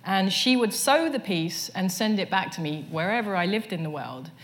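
A woman's voice: mid-range voice, lively intonation, moderate pace. A woman, speaking as the guest in a casual onstage conversation and telling stories with lots of "you know" fillers. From England. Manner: storytelling, many "you know" fillers and restarts. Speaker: artist, interview guest. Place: stage before a live audience.

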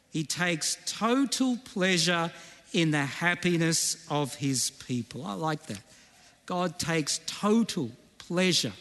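A man's voice: fairly high pitch, a bit bright, big-room sound. A male pastor preaching a conversational sermon, repeating key phrases and often checking in with the congregation.

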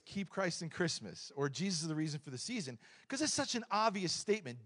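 Animated man preaching a sermon. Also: a little high, fairly quick, breathy edge. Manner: lively, joking, swings from loud to quiet asides. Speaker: pastor. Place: church.

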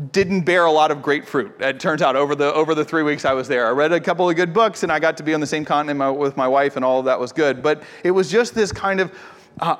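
Lively male pastor in a reverberant hall. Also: fairly high pitch. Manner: animated storyteller, acts out quoted voices. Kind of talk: sermon with personal story.

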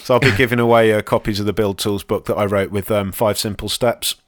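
A man's voice: on the low side, steady tone, quick pace, no echo, studio quality. A man co-hosting a podcast, chatting casually and rambling with plenty of ums and self-deprecating asides. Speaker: podcast co-host and conference speaker.

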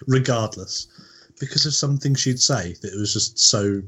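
A man's voice: medium pitch, normal speed, fairly bright tone, husky. A man chatting casually on a podcast, throwing in jokey remarks. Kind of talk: casual chat.

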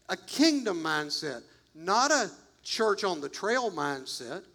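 A man's voice: sits high, lively intonation, slow pace, a bit bright. A man preaching a sermon as pastor, emphatic and repetitive, talking straight to his congregation.

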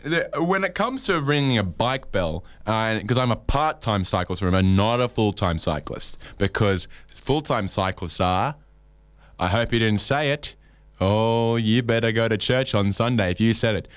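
A man with an Australian accent doing a rambling stand-up monologue, wry, often jumping into high-pitched voices for the people in his stories. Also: animated, moderate pace, clear, resonant tone, no room sound. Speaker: comedian.

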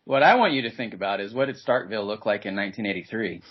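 A man co-hosting a sports podcast, dropping quick wisecracks and comic asides in casual chat. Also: fairly low pitch, animated, slightly rough. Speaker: podcast co-host. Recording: dull lo-fi podcast audio.

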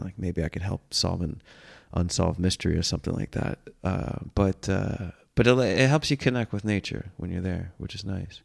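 A low-voiced man in his thirties talks through a casual comedic monologue. His voice has a gravelly, creaky edge. He rambles, swears freely and pokes fun at himself as host. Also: a little mellow. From United States. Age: 30s. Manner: rambling, profane, self-mocking. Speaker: podcast host.

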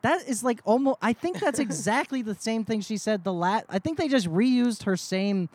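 A man's voice: sits high, expressive, normal speed, darkish tone, no room sound. A man co-hosting a podcast in casual chat, rambling and swearing casually as he talks. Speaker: podcast co-host.

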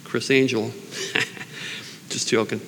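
Guy giving a relaxed bible talk, gravelly voice, long echo and faint hum behind. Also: medium pitch. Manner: unhurried, earnest, with fillers and prayers. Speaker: preacher. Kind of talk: informal Bible teaching. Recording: long reverb, faint background noise.

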